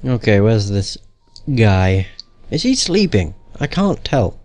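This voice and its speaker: A man's voice: on the low side, very animated, slow, a little mellow, dry recording. A young man giving casual gameplay commentary in a joking, profane, sarcastic way.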